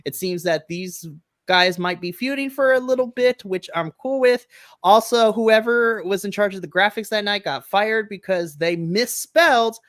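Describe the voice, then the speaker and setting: A woman co-hosting a live wrestling podcast, chatting casually, laughing often and acting out quotes in a flat deadpan voice. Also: mid-range voice, normal speed, no echo, studio quality. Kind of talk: casual chat recapping wrestling. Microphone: streaming microphone, remote setup.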